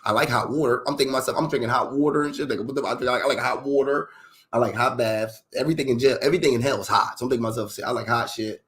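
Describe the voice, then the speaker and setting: A man's voice: medium pitch, rapid-fire, fairly bright tone. Casting: middle-aged man, gritty and profane, recounting his life in street slang with heavy emphasis, mid-range voice. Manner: profane, emphatic street slang, repeats "you see what I'm saying". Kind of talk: candid storytelling talk.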